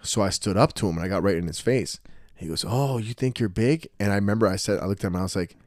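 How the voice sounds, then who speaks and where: A young man chatting casually, telling animated stories and acting out what others said. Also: fairly low pitch, quick pace, no echo, studio quality. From New Jersey. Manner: storytelling, animated quoting of others. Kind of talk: casual podcast chat.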